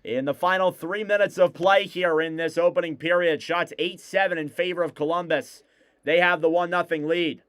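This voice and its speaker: A man calling live hockey play-by-play on a fan stream, in rapid clipped play calls that rise on shots. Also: on the high side, fairly even intonation, fairly bright tone, clear, resonant tone. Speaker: play-by-play commentator.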